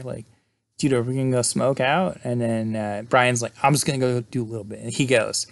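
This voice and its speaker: A man's voice: mid-range voice, smooth, dry recording. A man casually recapping a movie scene by scene, rambling with lots of fillers and quoting characters along the way. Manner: rambling, lots of "like" and "uh", laughs often.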